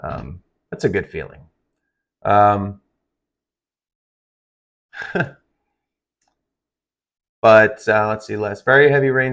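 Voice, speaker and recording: A man's voice: mid-range voice, fairly bright tone. A tired man hosting a live stream of severe weather coverage, talking in a rambling, conversational way with lots of fillers. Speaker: livestream weather host.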